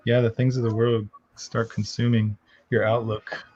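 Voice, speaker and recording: A man's voice: mid-range voice, level tone, moderate pace, a little mellow. A man in casual conversation, mostly agreeing in short replies. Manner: brief agreeing responses. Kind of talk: casual chat. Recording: dull lo-fi stream audio.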